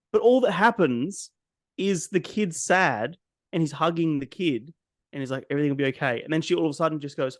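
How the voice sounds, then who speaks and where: A man's voice: on the high side, a little fast, dry recording, studio quality. A man hosting a casual movie podcast, blunt and cynical, swearing freely as he picks films apart. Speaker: podcast host. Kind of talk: casual movie review chat.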